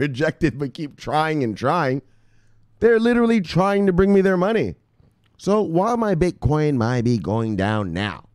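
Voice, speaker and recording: A man ranting like a street preacher, swinging his pitch wildly up and down and swearing freely. His voice is mid-pitched, and the sound is close and completely dry. He keeps hammering at his point with "look, look.". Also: no echo. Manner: fired-up, preacher-like, swears constantly, repeats "look, look". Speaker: crypto video host. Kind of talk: profane ranting commentary.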